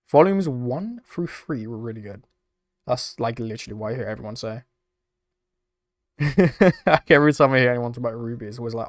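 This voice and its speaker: A man's voice: medium pitch, a little fast, no echo, clean studio sound. A young British man chatting casually on a live stream, laughing often and swearing freely as he reacts to chat. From United Kingdom. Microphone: desk microphone.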